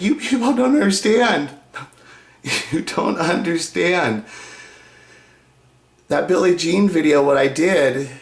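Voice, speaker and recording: A man ranting angrily at his followers in a video, profane and combative, swinging between loud outbursts and low muttering. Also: reverberant. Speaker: YouTuber. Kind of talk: angry video rant to fans.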